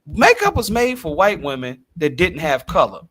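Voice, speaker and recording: A man hosting a casual podcast, telling stories in an animated way and laughing often. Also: fairly high pitch, normal speed, no room sound. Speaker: podcast host.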